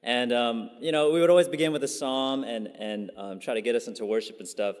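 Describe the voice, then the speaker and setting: A pastor giving a casual, conversational sermon, full of fillers and asides. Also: male voice, medium pitch, expressive, normal speed, darkish tone. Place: church sanctuary. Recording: long church hall reverb.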